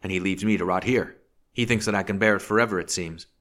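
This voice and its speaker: A desperate imprisoned gentleman, agitated and afraid, bursting out in bitter complaints and pleas, as a male reader puts him on. The voice sits low and deep even when he raises it. It belongs to a storybook reading. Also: brisk, natural voice. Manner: bitter, pleading outbursts.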